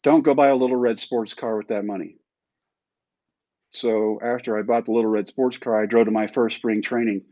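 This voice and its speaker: A man from Texas telling his own story with dry, self-deprecating humor and an easy, steady rhythm. His voice sits at a middle pitch. It is captured in a dry, slightly dull recording with no room echo. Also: moderate pace. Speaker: interview guest, former pro baseball player.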